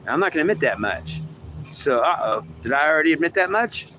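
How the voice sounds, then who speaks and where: A man's voice: a little high, very animated, a little fast, pushed and bright, a little hiss or hum. A man in a rambling self-dialogue, arguing back and forth with himself, swearing and repeating himself.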